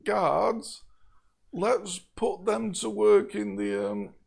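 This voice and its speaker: A man's voice: sits high, fairly even intonation, drawn-out words, gravelly, a little mellow, breathy edge, voice pushed up, full character voice. A man voicing a pompous, menacing male king in a tabletop game. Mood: smug.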